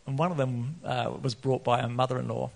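A man preaching a sermon, earnest, laughing often, and rising to excited peaks. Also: medium pitch, brisk, vocal fry. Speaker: pastor.

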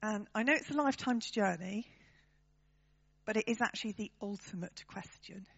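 A woman's voice: medium pitch, moderate pace, husky, highs cut off. A woman preaching a sermon to her church, talking conversationally and turning to the congregation with tag questions.

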